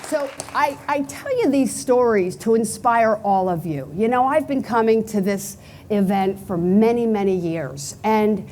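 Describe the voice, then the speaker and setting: A woman's voice: mid-range voice, unhurried, darkish tone, a faint crowd, slight background noise. A middle-aged woman with a Pennsylvania accent, giving an unscripted acceptance speech at a banquet, telling stories in a chatty way. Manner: chatty storytelling, acts out quotes. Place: banquet hall event.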